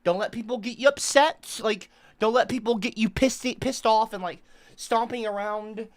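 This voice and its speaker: A man live-streaming in an angry, profane rant, swinging into yelled insults. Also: high-pitched, normal speed. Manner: profane, volatile, yelling insults.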